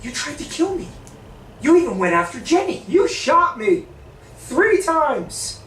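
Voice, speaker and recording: A man's voice: extremely high pitch, very animated, measured pace, fairly bright tone, exaggerated voice. An actor playing a cursed undead male sidekick, accusing and insistent, heard as a film clip. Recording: film clip, distant, echoey, faint noise.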